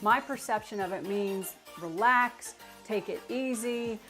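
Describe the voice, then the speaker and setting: A woman's voice: mid-range voice, unhurried, sharp tone, faint music behind. An American woman hosting a travel vlog, explaining things to camera in a chatty, playful way that pokes fun at herself. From United States. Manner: chatty, playful, self-deprecating. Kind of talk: scripted explainer talk to camera.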